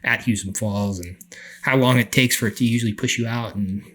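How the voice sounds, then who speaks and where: A middle-aged man telling a story on a podcast, animated, acting out the people he quotes. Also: on the low side, a little fast. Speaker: podcast guest. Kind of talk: casual storytelling.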